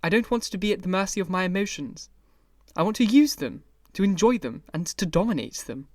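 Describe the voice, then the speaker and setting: A man reading the part of a vain, bored young gentleman in an audiobook, languid and then shrill in protest. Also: animated, a little fast, no echo, studio quality, recorded from a distance. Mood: agitated.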